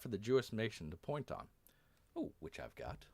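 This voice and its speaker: A man reading a war story live to viewers, rambling and filling gaps with ums. His voice swings in pitch with animation. The sound is dry and close. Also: big pitch swings, moderate pace, dry recording. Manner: rambling, many fillers, talks of himself as Bear. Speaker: storyteller and streamer. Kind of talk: casual live-stream storytelling.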